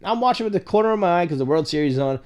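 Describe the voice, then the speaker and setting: A man's voice: high voice, expressive, very fast, a little mellow. A young man co-hosting a casual sports podcast, rambling as an impatient fan. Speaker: podcast co-host.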